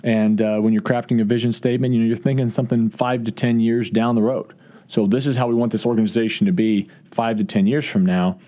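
A man's voice: medium pitch, little pitch movement, quick pace, dark tone. A man who is a college football coach, answering interview questions earnestly, with frequent restarts and fillers. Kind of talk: podcast interview.

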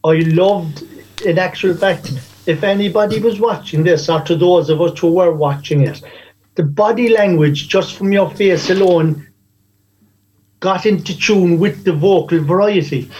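High-voiced man giving feedback. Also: a little mellow, low-quality recording. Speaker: speaking club member giving feedback. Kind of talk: casual feedback.

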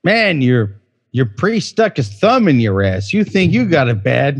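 A man co-hosting a podcast while drunk, his words slurring together. His voice sits high and swings widely in pitch, and he speaks slowly. He swears freely and stumbles over restarts as he rambles. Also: very animated. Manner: profane, rambling, stammers through restarts. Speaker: podcast co-host. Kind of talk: casual comedic podcast chat.

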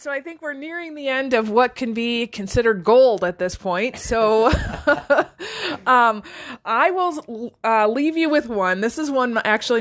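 A woman's voice: fairly high pitch, a bit bright. A middle-aged woman hosting a casual video, cheerful and encouraging, laughing often between lines. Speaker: host. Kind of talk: casual upbeat video intro.

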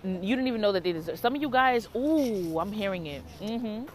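A woman tarot reader telling a story in a casual vlog, animated, dramatic and full of swearing. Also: mid-range voice, a little fast, slight background noise.

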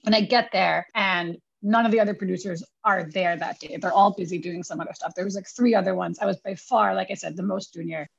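A young woman producer tells her stories in a chatty, self-deprecating way, with plenty of "like". Her voice is gravelly and husky. The recording sounds dull and lo-fi. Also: on the low side, fairly even intonation, a little fast, few pauses. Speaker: film producer guest. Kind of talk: casual interview storytelling.

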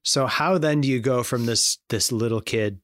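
A man's voice: medium pitch, normal speed, fairly bright tone, dry recording, clean studio sound. A man co-hosting a podcast who jokes and teases in casual chat. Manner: joking, teasing. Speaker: podcast co-host.

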